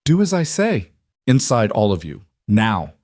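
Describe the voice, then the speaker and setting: A man's voice: lowish voice, a little fast, no room sound, studio quality. A man voicing a determined young frontier woman who speaks steadily and defiantly. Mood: firm. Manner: steady, firm, quietly defiant.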